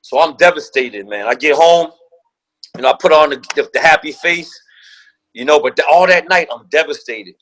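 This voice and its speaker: This guest, once a pro basketball player, spins an animated tale with slang and swearing, voicing the other characters himself. He sounds a little high and a bit bright at normal speed, though the audio quality is poor.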